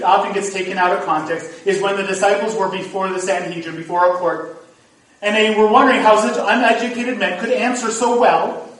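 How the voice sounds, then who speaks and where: A man preaching a sermon as pastor, earnest and at times emphatic. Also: high-pitched. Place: church sanctuary. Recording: echoey hall, mic from far off. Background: congregation.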